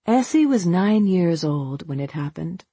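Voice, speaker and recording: Slow, husky audiobook narrator. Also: mid-range voice, very animated, warm tone, no room sound. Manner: slow, measured reading.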